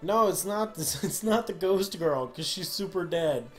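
A young man gives loose gameplay commentary in a fairly high voice, joking crudely and sarcastically as he goes. Faint music plays underneath. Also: expressive, unhurried. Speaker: let's play gamer.

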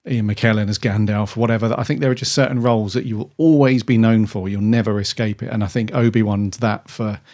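A man's voice: lowish voice, steady tone, brisk, hardly any pauses, a little mellow. A man co-hosting a podcast, chatting casually in a rambling way with many restarts. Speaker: podcast co-host. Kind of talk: casual chat.

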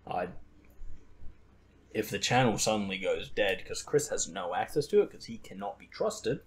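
Rambling young man, lively pitch. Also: moderate pace. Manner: rambling, laughs at own stories. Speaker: podcast host. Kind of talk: casual chat.

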